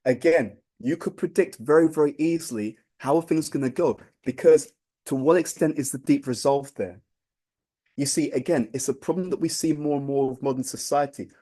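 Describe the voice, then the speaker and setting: A man's voice: medium pitch, darkish tone. A man giving an informal spiritual talk, speaking conversationally, often restarting phrases and checking in with "right?".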